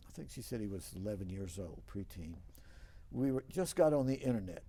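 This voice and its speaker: Casting: older male talk show host, low voice, mellow tone, anecdotal and rambling. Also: expressive, fairly quick, slightly rough. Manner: rambling, anecdotal, with many restarts. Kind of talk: casual storytelling interview.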